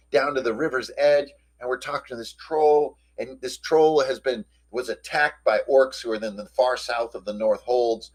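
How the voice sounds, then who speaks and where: A man hosting a casual recap of a tabletop game session, telling it in an animated, slangy way. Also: medium pitch, husky. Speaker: host.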